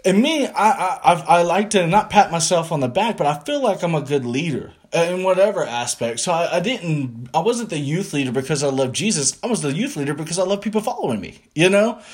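Young southern dude, podcast host, chatty storyteller, fairly high voice. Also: male voice, a little fast, few pauses, husky. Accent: Southern American. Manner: animated storyteller, acts out his past thoughts, laughs easily. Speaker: podcast co-host sharing testimony. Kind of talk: casual conversational testimony.

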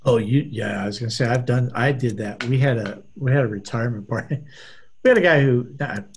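Speaking a little fast in a mid-range voice, a man tells meandering anecdotes on the casual podcast he co-hosts, imitating the people involved. There's slight background noise.

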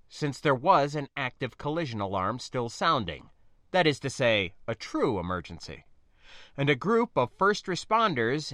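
A man reads a science-fiction story aloud in the first person, his pitch rising and falling freely as he narrates. His tone is bright and forceful, and the recording is dry and close, with no room sound. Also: no room sound.

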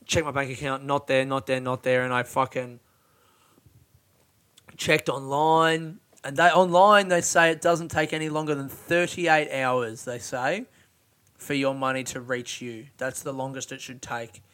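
A man's voice: mid-range voice, fairly even intonation, unhurried, a bit bright, smooth. A young Australian man telling a rambling, sweary comic story about waiting for money.

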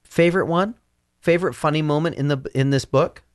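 A man co-hosting a casual book discussion podcast, laughing often as he retells scenes with animated energy. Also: a little high, brisk, no echo, clean studio sound. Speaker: podcast co-host.

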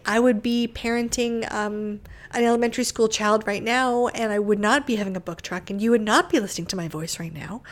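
Middle-aged female podcast host, candid storyteller, slightly higher voice, expressive with whispered asides. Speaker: podcast host and bookshop owner. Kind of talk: personal storytelling monologue.

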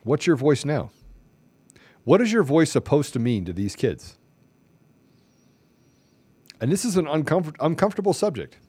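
A man's voice: a little high, very animated, normal speed, long pauses, husky, no room sound. Middle-aged guy ranting on his podcast, preachy, firing off questions, dry sound. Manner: preachy, repetitive rhetorical questions, rising to near shouting. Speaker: podcast host. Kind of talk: impassioned podcast monologue.

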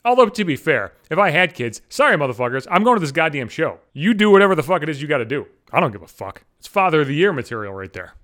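A man in his forties rants alone on his podcast, cursing constantly and running himself down. His voice sits high for a man and swings widely in pitch, and he talks at a rapid clip. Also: sing-song, a bit bright. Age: 40s. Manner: profane, rambling, self-deprecating. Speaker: podcast host. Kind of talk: solo comedic rant.

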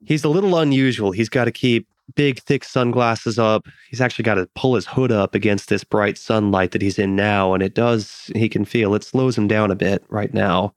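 A man narrating a tabletop game as game master, in a relaxed, descriptive way. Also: on the low side, normal speed, few pauses, no room sound, clean studio sound. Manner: relaxed, descriptive, laughs easily.

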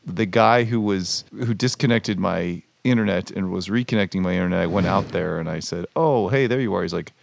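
A man's voice: deep voice, fairly quick, gravelly, hardly any pauses. A man co-hosting a comedy podcast, telling anecdotes in casual chat and acting out the voices of people in them. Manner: storytelling, acts out dialogue in voices. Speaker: podcast co-host.

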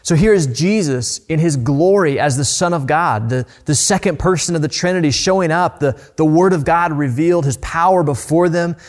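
A man preaching a sermon, reading scripture and explaining it in a reflective, emphatic way, dropping softly at quiet moments. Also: fairly high pitch, normal speed, hardly any pauses. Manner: reflective, emphatic Bible teaching with soft hushed moments. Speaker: pastor.

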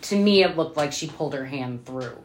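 A woman's voice: low voice, lively intonation, brisk. A woman co-hosting a movie podcast, chatting casually with dry, amused asides and frequent laughter. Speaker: podcast co-host. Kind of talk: casual movie recap chat. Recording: roomy echo.

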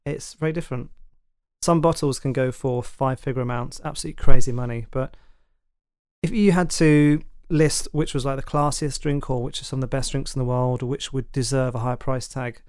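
London guy rambling on his podcast, smooth resonant voice, dry close sound. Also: medium pitch, steady tone, fairly quick, a little mellow, no echo. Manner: chatty, generalizing, with fillers and asides. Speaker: podcast host. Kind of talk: casual monologue.

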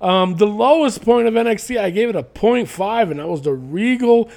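A man's voice: high-pitched, moderate pace. A man co-hosting a casual podcast, ranting and cursing as he talks. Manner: animated, ranting, profane. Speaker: podcast co-host. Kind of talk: casual wrestling podcast chat.

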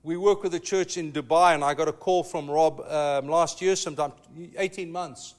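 A pastor preaching a sermon, telling a story with emphatic, slow dramatic pauses. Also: male voice, fairly high pitch, fairly even intonation.

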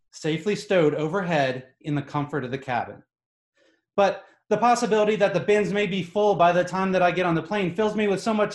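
An animated, exasperated man spins a comic story for a live audience. His voice sits a little high for a man and leans hard on his points. The room adds a clear echo. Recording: echoey room.

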